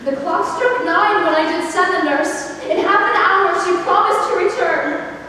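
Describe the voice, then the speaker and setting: A woman's voice: extremely high pitch, normal speed, pushed and bright. A woman acting an impatient young woman in love, pleading and pressing with questions. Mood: longing. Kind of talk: stage acting. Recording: echoey hall, far mic, faint noise.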